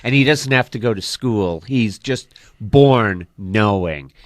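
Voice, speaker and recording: A man's voice: lowish voice, animated, takes it slowly, no echo, studio quality. A man co-hosting a movie talk show, thinking aloud and searching for words as he goes. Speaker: co-host.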